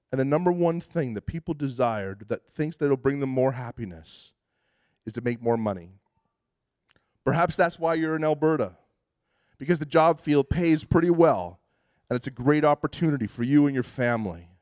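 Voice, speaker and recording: Chatty male pastor, slightly high voice. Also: expressive, moderate pace, darkish tone, no echo, studio quality. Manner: conversational and self-deprecating, with frequent restarts. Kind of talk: sermon.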